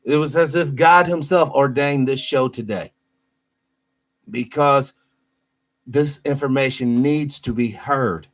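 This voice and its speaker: A man's voice: medium pitch, takes it slowly, long pauses, fairly bright tone. A young man hosting a talk show, earnest and affirming, speaking like a sermon. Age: young adult. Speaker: host.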